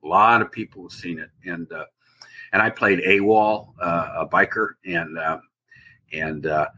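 Male actor guest, husky, intense edge; loose, rambling anecdote delivery. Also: sits low, unhurried. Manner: rambling, animated anecdote telling. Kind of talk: casual storytelling interview.

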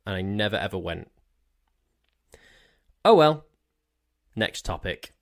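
A man's voice: deep voice, big pitch swings, slow. A man hosting a solo podcast, rambling and jokey, often tripping over his words as he talks into a desk mic. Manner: jokey, self-mocking. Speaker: podcast host. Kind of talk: casual solo podcast monologue. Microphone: desk mic on a stand.

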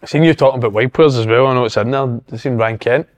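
A man's voice: medium pitch, quick pace. A Scottish man co-hosting a casual football podcast, jumping in eagerly with blunt opinions. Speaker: podcast co-host.

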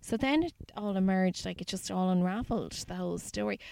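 A woman's voice: mid-range voice, a little fast, gravelly, dark tone, no echo. An Irish woman hosting a podcast, chatting casually and then narrating a true-crime case with a dramatic retelling. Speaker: podcast host.

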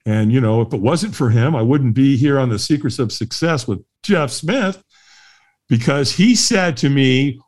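Animated storyteller man, lively voice. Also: medium pitch, normal speed. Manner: lively, laughs often, acts out the voices of others. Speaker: guest, firewalk instructor. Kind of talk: animated storytelling in a podcast interview.

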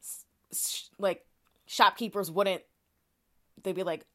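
A woman's voice: lowish voice, steady tone, a little slow, a bit bright. A woman in casual podcast chat, explaining a topic with lots of fillers and restarts. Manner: chatty, many "like"s and restarts.

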